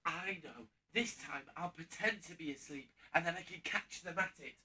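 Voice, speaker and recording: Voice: mid-range voice, moderate pace, sharp tone, far from the mic, poor audio. A performer playing an earnest, nervous young lad new to the city in a pantomime, with a stammering, eager manner. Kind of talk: pantomime stage acting.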